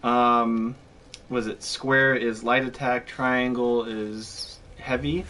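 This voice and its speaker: Young guy streaming a game, slow rambly chat, noisy hiss in the background. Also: mid-range voice, steady tone, pushed and bright. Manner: rambling, laughing, lots of fillers. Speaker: gameplay streamer. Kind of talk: casual chat while gaming.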